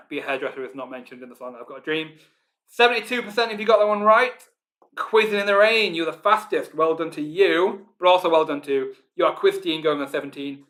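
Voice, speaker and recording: A Northern English man runs a live online pub quiz in a bright, forceful voice pitched a little high. He chats loosely with players, full of ums, and then reads each question slowly and repeats it. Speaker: quiz host.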